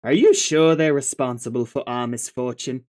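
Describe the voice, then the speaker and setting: A prim young troll lady, as a reader puts her on, who speaks in a lowered, quiet, measured voice. The phrasing is formal and a little rambling, with the odd "I do declare". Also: close to an everyday voice. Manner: measured, genteel, says "I do declare".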